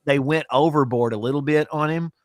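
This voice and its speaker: A man co-hosting a podcast in casual chat, explaining at length with animated delivery. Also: a little high, a little fast, dry recording, clean studio sound. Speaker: podcast co-host, voice performer.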